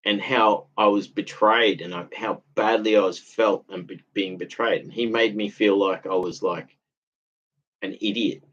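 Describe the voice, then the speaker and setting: Husky man rambling with a grievance. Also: fairly low pitch, steady tone, unhurried, fairly bright tone. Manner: rambling, aggrieved, repeats himself. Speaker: vlogger. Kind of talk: casual monologue. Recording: dull lo-fi audio.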